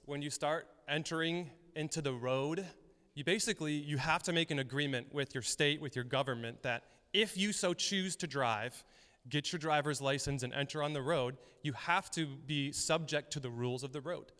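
A man's voice: fairly high pitch, fairly bright tone, smooth, long reverb tail. A young adult man preaching a sermon as pastor, telling a story in a conversational way and laughing often. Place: church hall.

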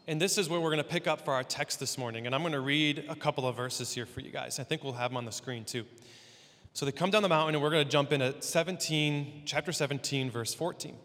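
A man's voice: on the high side, a bit bright. A man preaching a casual, playful sermon in a church hall, with joking asides. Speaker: pastor. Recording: long hall reverb.

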